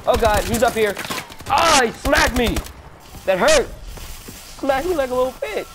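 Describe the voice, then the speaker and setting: High, lively playful young gamer guy. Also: measured pace. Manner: playful, taunts enemies in sing-song banter; excitable, yelps and shouts when hit. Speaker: gameplay commentator. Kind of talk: live gameplay commentary. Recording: loud game gunfire behind voice. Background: game sound effects and gunfire.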